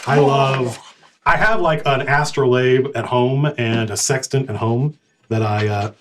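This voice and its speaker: A man narrating as game master, talking in a rambling, halting way with many restarts. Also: mid-range voice, fairly even intonation, noisy background.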